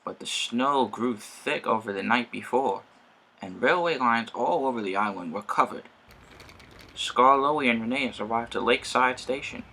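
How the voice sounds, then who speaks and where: A man narrating a children's train story in a lively storyteller's manner. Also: mid-range voice, slight background noise.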